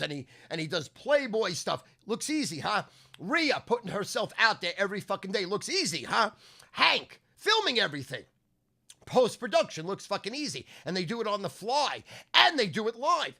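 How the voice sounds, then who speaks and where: Loud, crude man ranting in bursts. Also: vocal fry. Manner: loud, crude, swings between low grumbling and shouting. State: voice going hoarse. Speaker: sports handicapper and podcast host. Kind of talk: profane ranting monologue.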